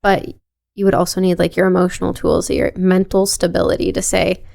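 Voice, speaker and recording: Young woman with a gravelly even voice. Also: lowish voice, a little fast. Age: young adult. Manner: earnest, reflective, many "like"s. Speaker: podcast guest. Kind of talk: casual podcast conversation.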